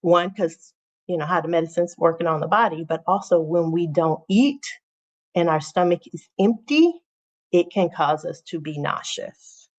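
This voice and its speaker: A chatty woman talking casually to viewers on her own livestream, often saying things twice for emphasis. Her voice sits on the lower side, and the audio is a bit dull and lo-fi. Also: normal speed. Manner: chatty, repeats phrases for emphasis. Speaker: teacher and livestream host.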